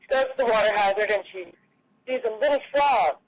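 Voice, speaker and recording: A woman telling a run of jokes at a small comedy show, in a loose, halting storytelling style. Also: fairly high pitch, low-quality recording. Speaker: stand-up comic. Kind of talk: telling jokes at an open mic.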